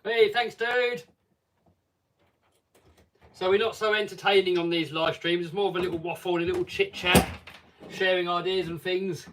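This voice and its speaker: A man's voice: sits high, flat delivery, a little fast, a bit bright, recorded from a distance, slight background noise. A man hosting a casual live stream, chatting and reading viewer comments aloud.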